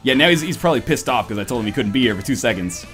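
A podcast host on a casual voice call jokes around and reads a visual novel aloud, animated, mock-dramatic and frequently swearing. He speaks very fast in a medium-pitched voice, with faint rock music in the background.

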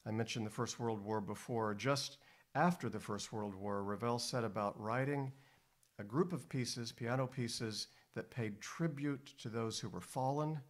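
A man giving a measured, deliberate scripted lecture as a music historian, with emphatic stresses. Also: mid-range voice.

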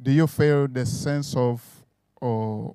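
A man moderating who asks a question deliberately, pausing on "uh". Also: mid-range voice, fairly even intonation, dark tone, clean tone, dry recording. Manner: deliberate, with "uh" pauses.

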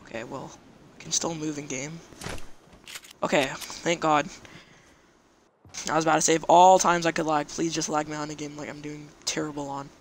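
Guy narrating his own match, voice sits a bit high, swears a lot when surprised, steady hiss behind him. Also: normal speed. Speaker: gaming YouTuber. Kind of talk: live gameplay commentary. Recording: steady background noise under the voice.

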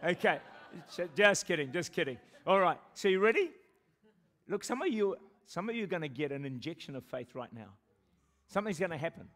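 Casting note: New Zealand male pastor, mid-high voice, lively sermon delivery with jokes and drawn-out prayers. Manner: animated, laughs often and jokes with the congregation; pleading slowly when quoting prayers. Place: church service with a congregation.

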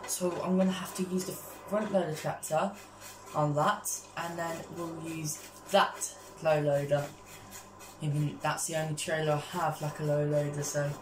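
A woman giving casual gameplay commentary as a vlogger, excitable and constantly calling out to her viewers. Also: deep voice, normal speed, echoey room, background noise. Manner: excitable, keeps addressing viewers as guys. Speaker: gaming vlogger.

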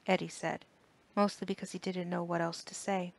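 Calm woman narrating an audiobook. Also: on the low side, gravelly. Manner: calm, measured storytelling. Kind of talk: scripted narration.

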